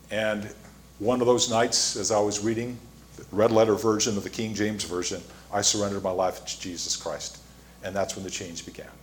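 A man preaching a sermon, telling a story with fillers and restarts and getting louder as he retells scenes. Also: lowish voice, slight background noise. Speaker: pastor.

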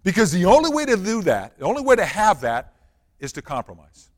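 A man's voice: high-pitched, huge pitch swings, brisk, big-room sound. A man preaching a sermon, reading scripture and asking the congregation earnest rhetorical questions. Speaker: pastor.

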